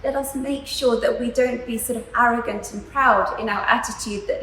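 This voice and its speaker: A woman teaching a class on spiritual philosophy, talking in a gentle, earnest way with fillers as she tells a story. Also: fairly high pitch, steady tone, moderate pace, few pauses. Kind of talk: spiritual lecture to students. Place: school room. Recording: echoey room, faint background noise.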